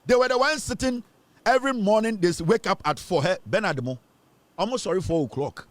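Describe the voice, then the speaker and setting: A man's voice: on the high side, animated, brisk, no echo. A Ghanaian man hosting a political commentary show, ranting and mocking as he switches between English and Twi.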